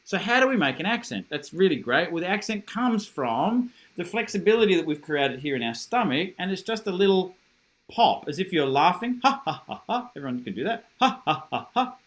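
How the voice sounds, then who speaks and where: A middle-aged man leads a horn masterclass over a video call, his voice pitched high for a man. He praises readily, jokes about himself and demonstrates with short sung syllables. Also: big pitch swings, a little fast. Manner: encouraging, self-deprecating, demonstrates with sung syllables. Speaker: horn teacher giving a masterclass.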